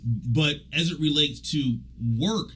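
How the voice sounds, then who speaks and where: A man's voice: a little high, slow, fairly bright tone, slightly rough, rough recording. A man hosting a radio talk show as an executive coach, talking casually and animatedly, often trailing off and restarting. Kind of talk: casual conversational interview.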